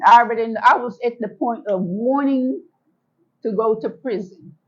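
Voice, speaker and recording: A woman guest recounts her own story in a lively, colloquial way, repeating words for weight and slipping into what she said at the time. Her voice sits a bit high. The recording is somewhat muffled and lo-fi. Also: moderate pace. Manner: animated and emphatic, repeats words for effect. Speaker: interview guest, author. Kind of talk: emotional personal storytelling.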